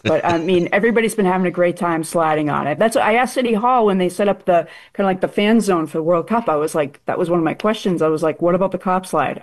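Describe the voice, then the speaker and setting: A woman with a Boston accent, a crime reporter guest, talking casually with lots of fillers and laughs. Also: mid-range voice. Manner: chatty, laughing, many fillers like "like". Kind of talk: casual chat.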